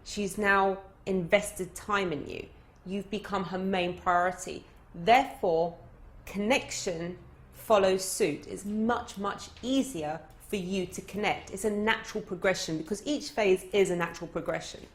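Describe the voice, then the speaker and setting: A woman teaching as a dating coach, her voice at a middle pitch. She tells anecdotes in a lively, chatty way and speaks straight to her listeners. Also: a little slow, slightly rough. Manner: animated anecdotal storyteller, conversational. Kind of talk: storytelling lesson.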